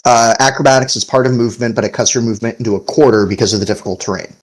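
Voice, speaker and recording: A man's voice: mid-range voice, racing, rough recording. A young man acting as game master, casually narrating a tabletop game and laughing often.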